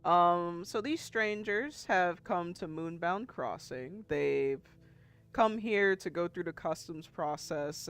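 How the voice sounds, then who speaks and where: A game master narrating a tabletop role-playing game in a relaxed, chatty way. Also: medium pitch, clean tone.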